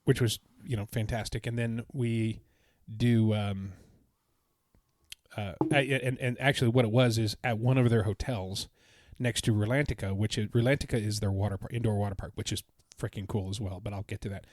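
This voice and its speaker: A man's voice: on the low side, fairly even intonation, moderate pace, darkish tone, no echo, studio quality. A man co-hosting a podcast, recounting his trip in a casual, enthusiastic, rambling way. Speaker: podcast co-host. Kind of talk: casual chat.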